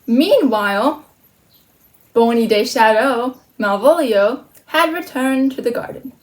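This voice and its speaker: A woman reads a children's book aloud as the host of a storytime channel. Her voice sits a little high. She reads with playful, animated energy and breaks off for slangy jokes. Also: takes it slowly, poor audio. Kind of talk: reading a children's book aloud with chatty asides.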